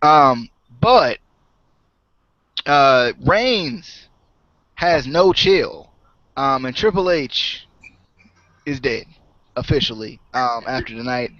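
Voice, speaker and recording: A young man co-hosting a casual wrestling review chat, talkative and quick to laugh. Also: medium pitch, lively intonation, a bit bright, no echo. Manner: chatty, laughs often, trails off. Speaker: co-host. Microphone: online call mic. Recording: muffled lo-fi call audio.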